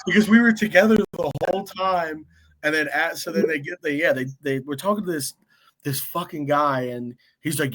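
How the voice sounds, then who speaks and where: A man's voice: on the high side, moderate pace, a bit bright. A young man telling a rambling, profane story in casual chat, full of "like" and "dude". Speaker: guest.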